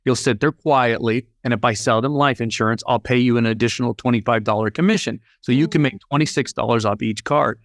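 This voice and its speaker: A patient, coaxing salesman father who pleads and teases, as a man voices him in a story. He sounds a little higher and livelier than the teller's own voice. The recording is dry and close. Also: a little fast, few pauses, no room sound, close to an everyday voice. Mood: persuading.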